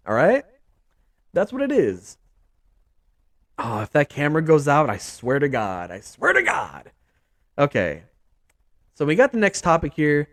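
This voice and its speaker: Animated young man ranting on a podcast. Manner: animated, repetitive, swings pitch up for mock quotes. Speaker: podcast host. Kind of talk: casual sports podcast rant.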